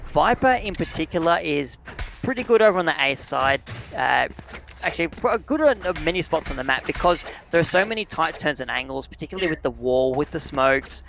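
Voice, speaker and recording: A man's voice: a little high, expressive, a little fast, gravelly, a bit bright, slight background noise. A man with an Australian accent giving live, joking play-by-play commentary on a match. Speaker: esports commentator.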